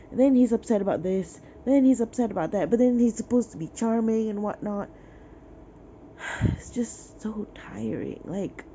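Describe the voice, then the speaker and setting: A woman's voice: mid-range voice, dark tone, slight background noise. A sick, sniffling woman rants in exasperation about a book in a casual vlog, talking from her bed. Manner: exasperated, ranting, sighing. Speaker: book vlogger. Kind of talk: casual reading vlog rant. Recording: dull lo-fi recording.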